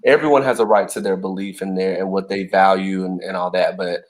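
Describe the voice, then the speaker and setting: A man's voice: sits low, steady tone, brisk. A man co-hosting a casual podcast, chatting and reading viewer comments aloud with frequent laughs. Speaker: co-host.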